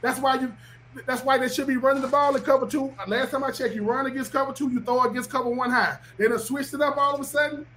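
High-voiced emphatic man. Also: steady tone, fast, fairly bright tone. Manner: emphatic, preachy, repeats himself. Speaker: podcast guest, former football player. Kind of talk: animated podcast talk.

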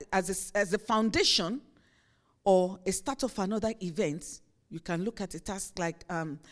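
Woman pastor preaching conversationally. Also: medium pitch. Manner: conversational preaching with acted-out everyday examples. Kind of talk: sermon.

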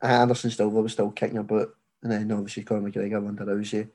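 A man's voice: fairly low pitch, quick pace. A man hosting a podcast, talking sports casually with a friend, rambling and peppering his talk with fillers. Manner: rambling, leans heavily on "like" as filler; gets loud and animated when arguing a point. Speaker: podcast host.

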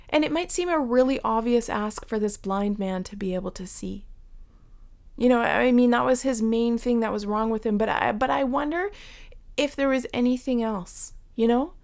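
A woman's voice: fairly high pitch, normal speed, vocal fry. A woman giving a reflective devotional talk, earnest, sometimes dropping to a whisper and acting out the story. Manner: earnest and reflective, drops to whispers for quoted voices; acts out Bible characters with lively shifts.

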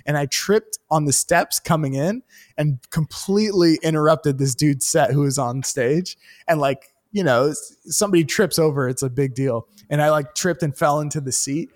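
Man, comic co-host, fairly high voice, lively storyteller who swears a lot. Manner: animated storyteller, swears freely, acts out the people in his stories. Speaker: stand-up comedian, podcast co-host. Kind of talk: casual chat.

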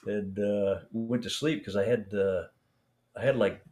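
Older man, low voice, rambling halting storyteller, interview guest. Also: steady tone, a little mellow. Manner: rambling, halting, many restarts and fillers. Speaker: veteran guest.

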